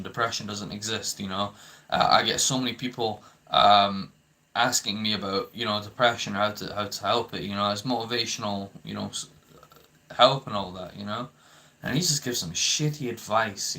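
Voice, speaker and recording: A man's voice: on the low side, pushed and bright. A young man ranting to his viewers, heated and swearing often, with frequent stammering restarts. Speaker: vlogger. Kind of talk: ranting commentary to camera.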